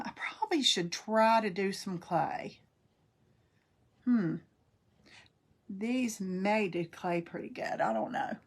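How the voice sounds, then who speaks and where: Gravelly and touched with vocal fry, this middle-aged woman's mid-range voice carries a drawl as she chats through a craft livestream. Her talk is homey and folksy, and she welcomes viewers by name while working on her project.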